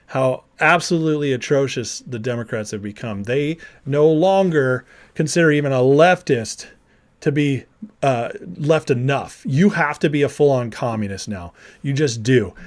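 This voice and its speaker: Blunt man hosting a political livestream. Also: medium pitch. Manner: blunt and combative, laughs while reading viewer comments. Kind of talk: live political commentary reading chat.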